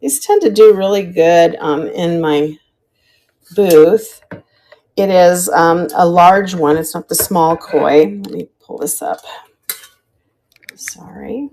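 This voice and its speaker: An older woman, a retired teacher, sells vintage items on a live stream in a casual, chatty, friendly way, describing each piece and pausing now and then to search for words. Her voice is lowish, mellow and slow with frequent pauses, and there's slight background noise.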